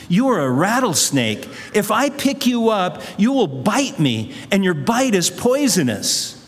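A man's voice: sits high, big pitch swings, unhurried, pitched above the performer's own voice, full character voice. A man doing a wary little girl. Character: wary little girl, trusting then betrayed. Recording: long hall reverb.

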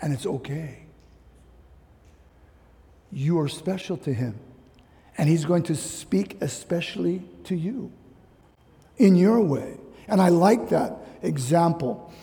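A man from Hawaii preaching a sermon as pastor, emphatic and animated with casual slang asides, in a church hall. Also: fairly high pitch, takes it slowly, vocal fry, long pauses. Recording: long hall reverb.

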